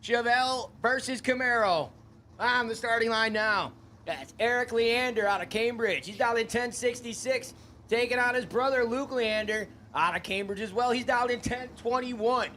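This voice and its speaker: A male co-announcer with a high, bright voice reads out drag racing dial-ins and results. He keeps a relaxed, buddy-style banter going, tossing in "man" and "bud." Light track noise runs underneath. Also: moderate pace. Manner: laid-back, calls partner "bud" and "man".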